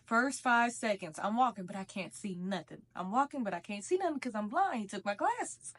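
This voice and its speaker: A woman's voice: mid-range voice, animated, a little fast. A young woman telling a casual storytime while eating, in a slangy, profane, conversational way. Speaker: vlogger.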